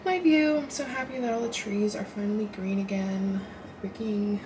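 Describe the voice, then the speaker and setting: A woman's voice: mid-range voice, steady tone, moderate pace, background noise. A college-age woman casually showing off her small dorm room in a chatty vlog, with lots of "like" fillers. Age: early 20s. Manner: chatty, lots of "like", says she is winded. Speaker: college student vlogger. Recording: music playing under the voice. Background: music.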